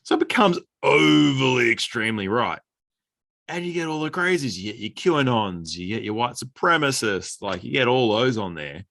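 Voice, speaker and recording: A man's voice: mid-range voice, sing-song, moderate pace, vocal fry, a bit bright, no echo. A man, a podcast guest, talking bluntly and opinionatedly in casual chat, swearing now and then.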